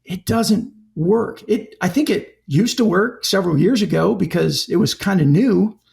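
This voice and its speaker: Male podcast guest, high voice, gravelly edge, conversational storytelling. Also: moderate pace. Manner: animated anecdotal storytelling. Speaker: podcast guest, company founder.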